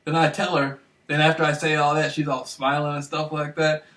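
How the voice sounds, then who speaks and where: Excitable man rambling in an echoey room. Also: fairly high pitch, fairly quick, far from the mic. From Michigan, United States. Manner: excited, repetitive, keeps asking "you know what I mean". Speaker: vlogger. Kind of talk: rambling self-recorded monologue.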